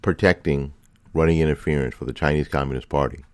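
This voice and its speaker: Male show host, extremely low voice, dry close sound, fervent repetitive rhetoric. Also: steady tone, fast, clean tone, dry recording. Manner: impassioned, repetitive rhetorical questions. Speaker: political commentary host. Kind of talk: opinion monologue.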